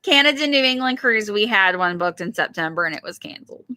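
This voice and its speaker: A woman co-hosting a relaxed live stream from her backyard. She talks chattily, reads viewer comments aloud and laughs often. Her voice has a bright, forward tone, and it sounds dry and close. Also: medium pitch, brisk, no echo. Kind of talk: casual live-stream chat. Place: backyard, outdoors.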